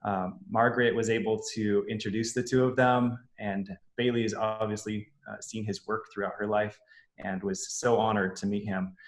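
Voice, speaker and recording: A middle-aged man speaking on a video call, introducing his young daughter and then reading a foreword aloud, earnest and relaxed with frequent fillers. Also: on the low side, reverberant. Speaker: parent introducing a young author.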